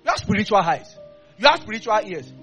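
A man preaching a sermon with fervent delivery, dropping to quiet asides and rising into loud bursts. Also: sits high, very animated, fast, soft background music. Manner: acts out quoted voices.

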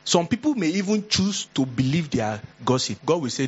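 Man, Nigerian English accent, pastor preaching a sermon, earnest and exhorting, slightly high husky voice, dull lo-fi recording. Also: moderate pace. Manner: earnest and exhorting, shifts into animated storytelling.

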